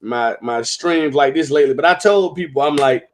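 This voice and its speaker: Talky male stream host, higher voice. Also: moderate pace. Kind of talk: casual chat on a live stream.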